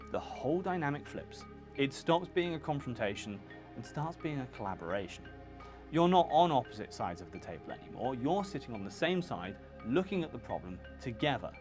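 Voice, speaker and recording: A man hosting a video lesson for freelancers, talking in a punchy, emphatic, conversational way. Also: on the high side. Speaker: channel host teaching freelancers.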